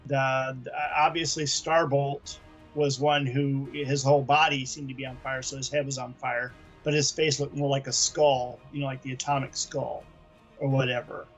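A man's voice: mid-range voice, flat delivery, moderate pace, soft background music. A man co-hosting a comics podcast, talking casually and rambling through his points. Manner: chatty, rambling with restarts. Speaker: podcast co-host. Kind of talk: casual chat about comics.

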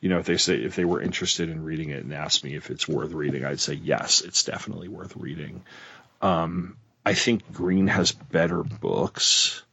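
A man with a very low, husky voice chats loosely about books, hedging and restarting as he goes. The sound is dry and a bit dull, like a lo-fi home podcast recording. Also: normal speed, few pauses, fairly bright tone. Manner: hesitant, many fillers and restarts. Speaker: podcast co-host. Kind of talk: casual book-club chat.

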